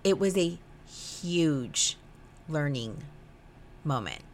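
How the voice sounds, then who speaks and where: A woman's voice: sits low, extremely slow, a little hiss or hum. A young woman hosting a podcast, telling a personal story in a raw, emotional way, often swearing and acting out the conversation. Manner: emotional, swears freely, animated retelling. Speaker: podcast host. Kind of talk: candid personal podcast monologue.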